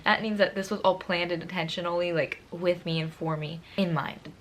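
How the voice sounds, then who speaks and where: A woman's voice: on the low side, steady tone, moderate pace. A young woman vlogger telling a personal story in a casual, gushing and emotional way, full of fillers.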